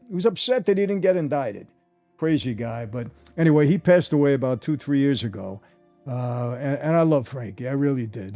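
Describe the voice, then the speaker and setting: An older man tells stories from his past in a casual, animated monologue, often turning to address his listeners directly. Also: medium pitch. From New York. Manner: animated, addresses listeners directly, repeats "I gotta tell you". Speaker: former mobster telling stories.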